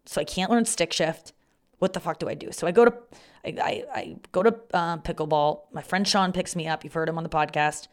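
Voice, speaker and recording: A young woman hosts her own podcast, telling stories from her week in a loose, casual monologue. She talks fairly quickly in a voice a little lower than most women's, swears freely, and now and then acts out loud quoted shouts.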